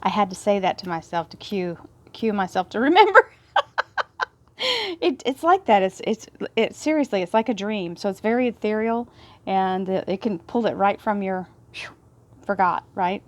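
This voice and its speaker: A woman with a Texas Southern drawl giving a tarot card reading. She talks effusively, bursts into excited laughter and drops into hushed prayers. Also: medium pitch, moderate pace. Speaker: tarot reader.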